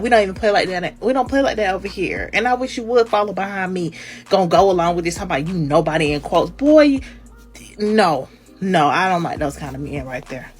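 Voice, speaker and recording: A woman rants to her camera in a sassy, emphatic way, stressing her points hard. Her voice sits at an ordinary middle pitch. She laughs at her own remarks now and then. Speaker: social media commenter. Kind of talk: casual rant to camera.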